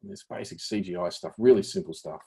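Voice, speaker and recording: A husky, somewhat low-voiced Australian man in his forties sits for a casual interview. He spins animated stories, laughs easily, and swears without a second thought. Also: brisk. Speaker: guest entrepreneur.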